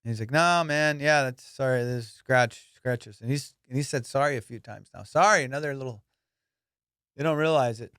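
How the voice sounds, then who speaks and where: A man hosting a podcast, telling a story in casual chat, animated and profane, acting out both sides of a conversation. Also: medium pitch, normal speed, clear, resonant tone, no room sound, studio quality. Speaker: podcast host.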